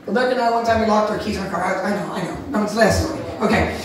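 A man preaching a sermon wrap-up, telling animated stories with sudden shouts. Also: high-pitched, rapid-fire, a little hiss or hum. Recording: echoey room from far off.

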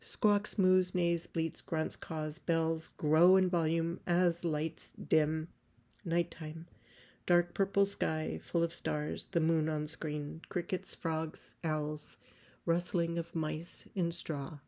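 A woman reading a play script aloud, describing stage directions in a measured way. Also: low voice, level tone, dark tone. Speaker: playwright reading her script.

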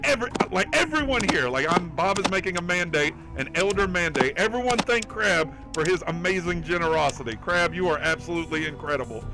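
Over background game music, an excitable livestreaming gamer swears often while he plays. He reads out messages from chat and thanks donors in his casual commentary. The pitch is fairly high and the recording rough.

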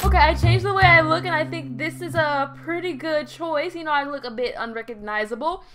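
High-voiced chatty woman narrating gameplay. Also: a little fast, a bit bright. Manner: chatty, dramatic, slangy. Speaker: gaming roleplay narrator. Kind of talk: narrating a game roleplay. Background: music.

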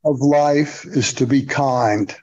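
A male psychoanalyst guest answering questions in a slow, halting, thoughtful way. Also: medium pitch, darkish tone, highs cut off. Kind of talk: casual conversation.

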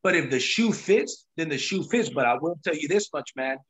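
A man's voice: on the high side, expressive, normal speed, a bit bright. A man hosting a sales team call, telling his own story in an emphatic, pushy, repetitive way. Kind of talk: motivational sales talk on a call.

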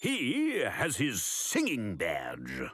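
Gently amused man narrating a cartoon. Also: mid-range voice, huge pitch swings, extremely slow, slightly rough, dry recording, clean studio sound.

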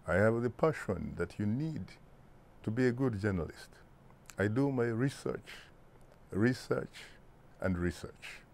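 A Ugandan-accented man in his sixties, answering interview questions in a deliberate, emphatic way with rhetorical asides. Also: fairly low pitch, lively intonation, a little mellow. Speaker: interview guest, broadcast journalist.

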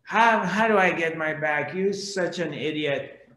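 A man's voice: on the high side, unhurried, sharp tone. Man acting as a proud poet, impatient and scornful, a little raised, roomy sound. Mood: furious. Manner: dismissive, then angry and insulting. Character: proud, exasperated male poet and scholar.

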